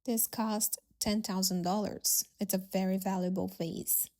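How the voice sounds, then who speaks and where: A woman voicing a calm, wealthy male party host who explains things patiently and matter-of-factly. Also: medium pitch, measured pace, close to an everyday voice. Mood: calm firm.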